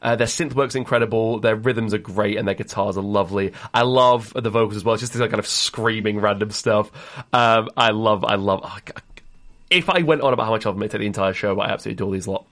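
Fast-talking young man. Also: on the low side, a bit bright. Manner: enthusiastic, rambling. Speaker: radio co-host. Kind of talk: casual radio chat.

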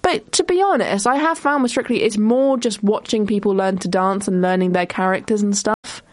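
A young woman hosting a casual solo podcast, chatty and rambling with quick asides and frequent self-interruptions. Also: mid-range voice, no room sound. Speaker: podcast host.

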